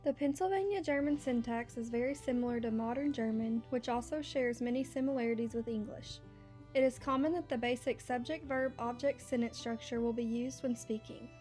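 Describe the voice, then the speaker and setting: A woman narrating a scripted class presentation, reading steadily and slowing down for example words. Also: fairly high pitch, dark tone, soft background music. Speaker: student presenter.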